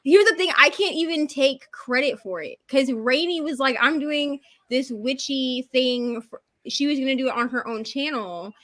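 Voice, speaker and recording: A woman with a bright, somewhat high voice chats on a video call with friends. She talks in a lively storytelling way and acts out what she was thinking. The sound is that of a home video call. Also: normal speed. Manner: chatty storyteller, acts out her own reactions. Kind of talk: casual group video chat.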